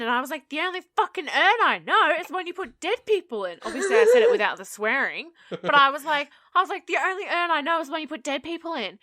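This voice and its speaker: A woman's voice: high-pitched, a little fast, no room sound, clean studio sound. A woman co-hosting a podcast, telling work stories in casual chat, swearing freely and acting out the people in them. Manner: animated storyteller, swears freely, acts out customers. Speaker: podcast co-host.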